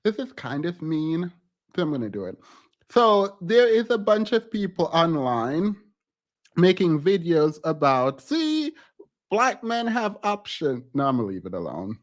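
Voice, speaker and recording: A man's voice: on the high side, big pitch swings, moderate pace. A man doing casual celebrity gossip commentary on his own channel, giggly and hesitant, often breaking off mid-sentence and starting over. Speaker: YouTube commentator.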